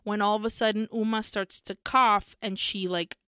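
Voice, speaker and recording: A woman with a smooth, clean voice tells a film's story with lots of swearing and a lively storyteller's flair. She slips Spanish phrases into her English. The sound is close and dry, with no room around it. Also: mid-range voice, moderate pace, dry recording. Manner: profane, animated storytelling, mixes in Spanish phrases. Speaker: podcast co-host. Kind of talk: casual film recap chat.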